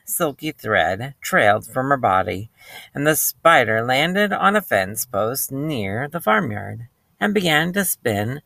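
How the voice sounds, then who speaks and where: A male teacher reading a picture book aloud to young children, slow and expressive, with playful voices for the animals. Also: medium pitch, vocal fry, dry recording.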